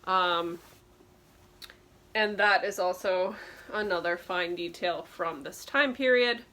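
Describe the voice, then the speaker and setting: A woman's voice: lowish voice, slow, bright, forceful tone. A woman vintage clothing reseller giving a chatty show-and-tell tutorial, explaining details with frequent ums.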